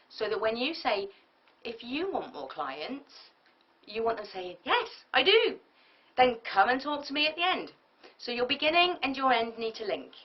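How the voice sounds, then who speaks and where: Lively woman coaching, distant lo-fi. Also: on the high side. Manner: lively, emphatic, acts out example lines. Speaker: public speaking coach. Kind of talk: tutorial lecture. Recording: distant mic, dull lo-fi sound.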